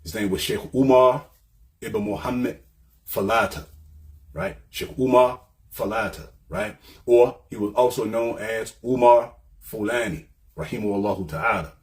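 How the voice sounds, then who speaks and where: A man's voice: medium pitch, fairly even intonation, a little slow. A man giving an informal lecture, explaining point by point and often checking in with "right?". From United States. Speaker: commentator.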